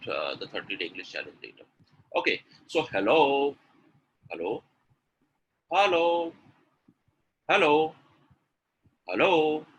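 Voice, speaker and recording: Bright-voiced man teaching a webinar. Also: medium pitch, a little hiss or hum, low-quality recording. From India. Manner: animated, demonstrates by repeating words and answers viewers from the chat. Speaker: English pronunciation coach. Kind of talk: live online webinar teaching.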